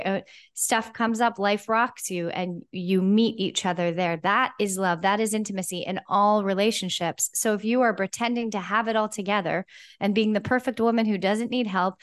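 A woman co-hosting a podcast about love and relationships, telling a personal story in a candid, emotional way with casual swearing. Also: mid-range voice. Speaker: podcast co-host. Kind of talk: casual chat.

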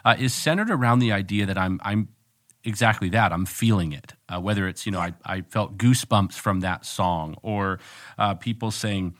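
A male co-host in a lowish voice asks long, earnest questions. He gropes for his words and restarts, then sums up what he means. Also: normal speed, fairly bright tone. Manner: earnest, searching for words while asking questions. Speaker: podcast co-host. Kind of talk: conversational interview.

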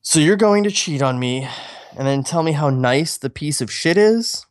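A man voicing a cold, jealous young man in a screenplay read-through, with a flat, icy delivery. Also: a little high, normal speed, clean tone, voice pushed up, lightly acted. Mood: bitter. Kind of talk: reading a screenplay aloud.

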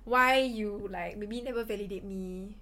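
A woman's voice: mid-range voice, unhurried, sharp tone. A young woman with a Singaporean English accent, chatting casually, full of "like" fillers. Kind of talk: casual chat.

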